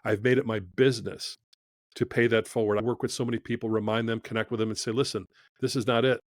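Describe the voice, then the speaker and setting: A man's voice: fairly low pitch, steady tone, fast talker, no room sound. A man who is a podcast guest, telling a story in conversation from his studio, acting out the dialogue as he goes.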